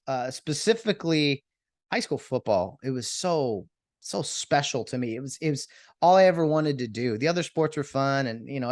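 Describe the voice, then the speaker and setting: A man's voice: fairly high pitch, no echo, studio quality. Earnest man reminiscing on a podcast. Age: 30s. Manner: earnest, rambling, reflective with many restarts. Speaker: podcast host. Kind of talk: casual solo podcast monologue.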